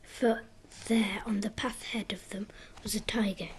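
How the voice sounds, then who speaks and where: A woman reading a children's story aloud in a soft, unvoiced ASMR whisper. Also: mid-range voice, level tone, moderate pace, a little hiss or hum, poor audio.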